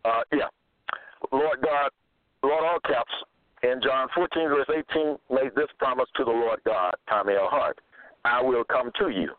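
A man preaches in a self-made religious monologue. He keeps repeating his claims and stops mid-thought to hunt for the next verse. His voice sits at a middling pitch and comes through a narrow, tinny, phone-like line with no room sound. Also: dry recording. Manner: halting, searching for verses aloud; repetitive, insistent.

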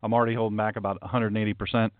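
A man's voice: on the low side, flat delivery, very fast, dry recording. A male host delivering a blunt, emphatic, sarcastic talk-show monologue. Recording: tinny phone-like, dry.

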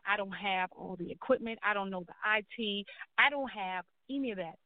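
A woman's voice: mid-range voice, no room sound. Woman telling her story over a tinny line. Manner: earnest storytelling, acts out quoted dialogue. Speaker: guest. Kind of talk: personal testimony in a talk show. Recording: tinny phone-like line, dry.

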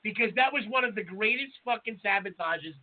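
A man's voice: high-pitched, lively intonation, brisk. A man co-hosting a casual podcast who talks in a brash, profane, emphatic way. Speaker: podcast co-host and chef. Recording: tinny phone-like audio.

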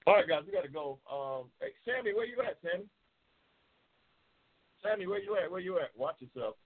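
A man hosting a live call-in talk show, trash-talking and teasing callers with lots of cursing. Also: medium pitch. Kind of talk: casual live call-in banter. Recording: tinny phone-line sound.

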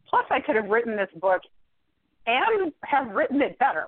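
A middle-aged woman, a guest, telling her story in a wry, animated, conversational way, laughing now and then. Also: sits high, moderate pace, dry recording. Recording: tinny phone line, dry.

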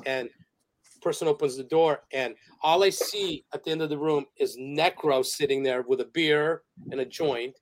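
A man's voice: medium pitch, no echo. A man who is a podcast guest telling stories in a casual interview, rambling with fillers and restarts and laughing often.

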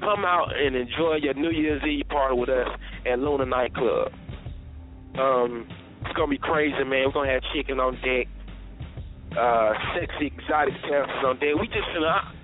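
A man's voice: on the high side, a little fast. Hyped man hosting a radio show. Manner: loose, joking, hyped party promotion. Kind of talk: casual radio banter. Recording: tinny phone-like audio with faint music.

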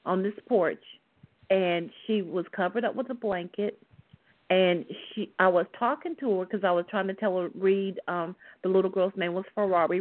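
A woman's voice: medium pitch, no room sound. A woman co-hosting a radio talk show, earnestly recounting a personal story. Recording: dry, phone-like narrow band.

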